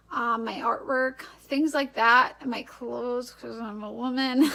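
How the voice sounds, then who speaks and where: A young woman from Wisconsin talks through an advice vlog in a casual, rambling way, with a clear Upper Midwest American accent. Her voice sits high, with a lot of gravelly vocal fry. She laughs often and keeps catching and correcting herself. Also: bright, forceful tone, rough recording. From Wisconsin, USA. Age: young adult. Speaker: vlogger.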